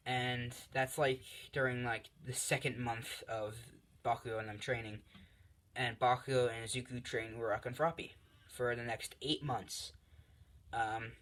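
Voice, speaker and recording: A man's voice: mid-range voice, a bit bright. A young man casually making up a fan story as he goes, rambling with lots of fillers and the odd swear word.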